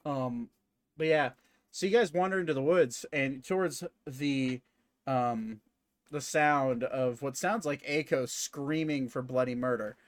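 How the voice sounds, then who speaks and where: A man's voice: medium pitch, dry recording. Casual male game master, dry sound. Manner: casual, halting narration with fillers. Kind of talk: narrating a tabletop game.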